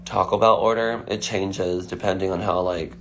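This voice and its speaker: A man's voice: low-pitched, steady tone, moderate pace. A man chatting casually on a phone livestream, answering fan questions with lots of fillers. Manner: chatty, filler-heavy, frequent "like".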